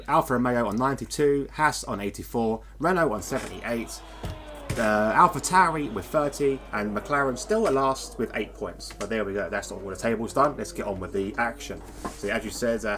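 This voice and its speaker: A man hosting live sim-racing commentary, chatty and rambling, reading out standings with self-deprecating asides. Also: medium pitch. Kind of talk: live esports race commentary.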